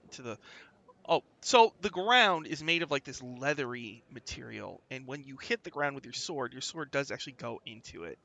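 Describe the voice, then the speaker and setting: A man narrating a tabletop game as game master, in a halting way with many fillers. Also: mid-range voice, expressive, creaky, sharp tone.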